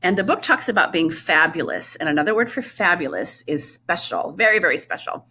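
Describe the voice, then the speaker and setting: A middle-aged woman music teacher giving a distance-learning lesson to young children, chanting rhythms and talking slowly and patiently. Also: on the low side, animated, sharp tone, a little hiss or hum. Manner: slow, patient, sing-song rhythm chanting.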